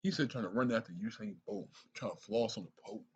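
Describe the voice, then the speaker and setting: A man hosting a reaction video, talking excitedly, stammering and repeating himself. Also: fairly low pitch, brisk, highs cut off, heavy background noise. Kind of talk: casual reaction commentary.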